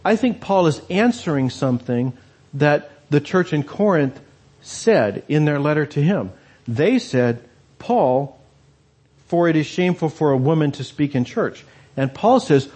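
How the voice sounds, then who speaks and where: A man's voice: fairly high pitch, animated, measured pace, a little mellow, slightly rough. A man preaching a conversational sermon, asking his listeners many rhetorical questions.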